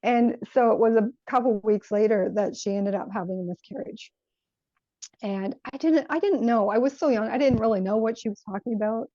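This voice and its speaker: A woman recounting a spiritual experience from her childhood in an earnest, reflective way, often pausing to search for words. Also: a little high, dark tone, no room sound, lo-fi sound. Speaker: guest sharing a spiritual experience. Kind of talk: personal storytelling.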